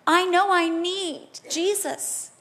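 A woman preaching a sermon, telling stories with animated, loud cries. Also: extremely high pitch, slow pace.

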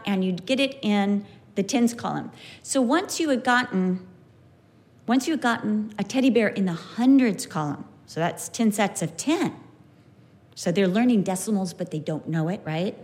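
A former kindergarten teacher, a woman, telling stories about her class in an animated way, acting out her pupils' voices. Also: mid-range voice. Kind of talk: personal storytelling.

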